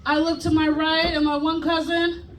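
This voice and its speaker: A woman performing a stand-up comedy set, telling a profane story loudly and acting out the voices. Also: high voice, flat delivery, normal speed. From United States. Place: comedy club stage with live audience. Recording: echoey room, distant mic, loud crowd laughter. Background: audience laughing.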